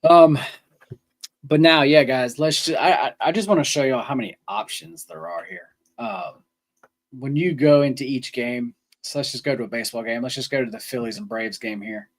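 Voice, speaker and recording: Brief: easygoing male co-host, mid-pitch, casual and loose. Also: normal speed. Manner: casual, rambling, many ums and restarts. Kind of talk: sports betting podcast chat.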